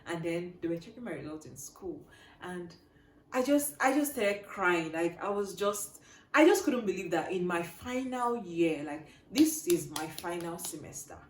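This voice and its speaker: A young woman telling a personal story to her viewers, shifting between hushed and loud, animated delivery. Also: fairly low pitch, measured pace, roomy sound, a little hiss or hum. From Nigeria. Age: young adult. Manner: animated, swings from quiet to loud. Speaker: vlogger.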